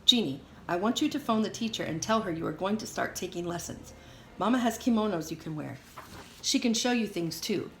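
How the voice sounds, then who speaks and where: A woman reading aloud as a stern, furious immigrant father who lectures his daughter loudly. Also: medium pitch, expressive, brisk, natural voice. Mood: angry scolding. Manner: loud, scolding lecture. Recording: roomy echo, faint hiss.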